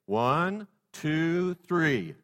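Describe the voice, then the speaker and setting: A man preaches a sermon in a forceful, bright voice that sits a little high. He swings between ringing exclamations and hushed, low passages, coaxing the congregation to answer back. His voice trails into the long reverb of a church sanctuary. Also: sing-song, very slow. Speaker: pastor.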